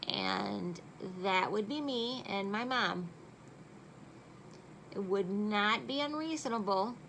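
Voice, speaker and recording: A woman's voice: mid-range voice, a bit bright, a little hiss or hum, low-quality recording. A middle-aged woman chatting casually through a makeup tutorial at home at night, joking at her own expense. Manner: chatty and self-deprecating. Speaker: makeup vlogger.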